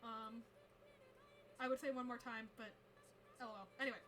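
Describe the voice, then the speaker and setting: A young woman streaming live as a VTuber artist, chatting casually and gushing excitedly, laughing often and swearing now and then. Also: on the high side, normal speed. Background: faint music.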